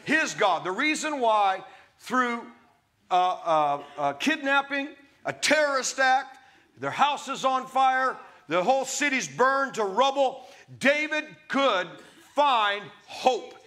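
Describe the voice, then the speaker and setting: A man's voice: extremely high pitch, lively intonation, slow pace, bright, forceful tone. A man preaching a sermon, reading scripture aloud and breaking off into emphatic, conversational asides to his listeners.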